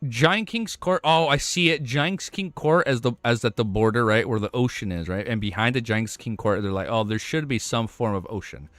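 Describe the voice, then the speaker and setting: A man's voice: medium pitch, normal speed, hardly any pauses, fairly bright tone, dry recording. A man streaming as he reads a novel aloud and reacts, stumbling and rereading lines, swearing casually, his voice getting worn.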